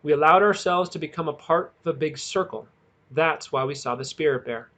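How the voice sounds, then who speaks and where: A battered teenage boy speaks with earnest, pained sincerity, his voice a touch higher than the reader's own. A man acts him out while reading a storybook aloud. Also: fairly quick, a bit bright, lightly acted. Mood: calm gentle.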